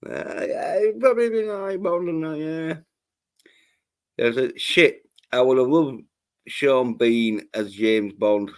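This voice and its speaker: A man's voice: medium pitch, lively intonation, takes it slowly. A man hosting a casual livestream chat, swearing freely and reading out viewer comments. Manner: crude, swears freely, reads chat aloud. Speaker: livestream host.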